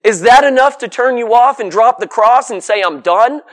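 A man's voice: very high voice, normal speed. A man preaching a sermon to a congregation in an emphatic, folksy way, piling up lists and asking rhetorical questions.

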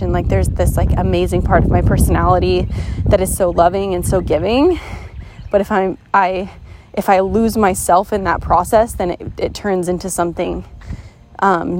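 A woman's voice: fairly low pitch, darkish tone, a little hiss or hum. A woman hosting a podcast, talking casually and earnestly to her listeners, full of "like" fillers and restarts. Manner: chatty, many "like" fillers and restarts; earnest and encouraging. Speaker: podcast host. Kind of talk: casual motivational podcast talk.

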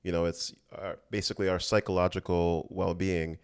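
A man's voice: sits low, flat delivery, moderate pace, clear, resonant tone. A man hosting his own podcast, talking earnestly and casually with lots of "you know" fillers. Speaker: podcast host. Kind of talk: casual solo podcast talk.

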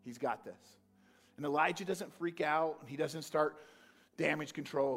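A man preaching a sermon, animated, swinging from loud calls to quiet, earnest talk. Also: on the high side, moderate pace, faint music behind. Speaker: pastor.

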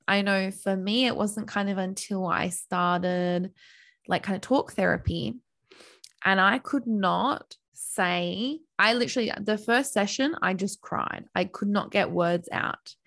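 A young adult woman co-hosting a podcast, talking openly and earnestly in casual chat, animated when telling stories. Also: medium pitch, takes it slowly. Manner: open, earnest, animated storytelling. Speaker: podcast co-host.

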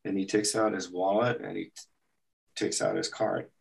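Low gravelly voiced guy from el paso telling a story in an interview, sounds a bit far from the mic. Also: moderate pace. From El Paso, Texas. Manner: animated storyteller, acts out quotes. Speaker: animation artist, interview guest. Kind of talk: anecdotal storytelling.

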